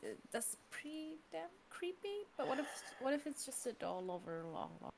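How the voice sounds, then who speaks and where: A woman's voice: high voice, sing-song, moderate pace, creaky, slight background noise. A woman playing a tabletop role-playing game, teasing and blunt, swearing casually. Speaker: player.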